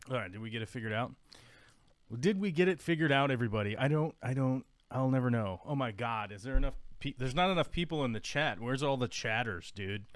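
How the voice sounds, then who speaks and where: A man's voice: medium pitch, dry recording. A man hosting a casual live stream, chatting in a goofy, rambling way and greeting viewers in the chat by name. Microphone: desk microphone.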